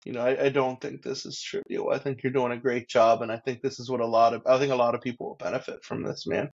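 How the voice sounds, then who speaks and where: A man's voice: mid-range voice, little pitch movement, creaky, breathy edge. Brief: male co-host on a podcast, friendly, stumbles through sentences, slightly muffled. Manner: halting, filler-heavy, friendly. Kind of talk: casual podcast chat.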